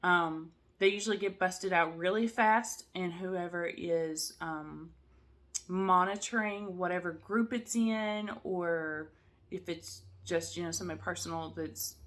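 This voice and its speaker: Woman vlogger, casual and rambling, slightly low voice, sounds tired; good for a relaxed home chat. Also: moderate pace. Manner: chatty, rambling, many fillers and asides. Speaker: cross-stitch vlogger.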